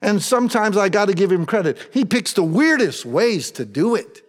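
A man's voice: sits high, big pitch swings, moderate pace, big-room sound. A man preaching a conversational sermon, asking his congregation rhetorical questions with a wry sense of humor. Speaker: pastor.

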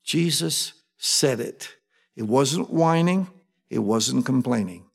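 A male pastor preaching a sermon, animated, often acting out eager voices with sudden jumps in pitch. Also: takes it slowly, creaky, breathy edge.

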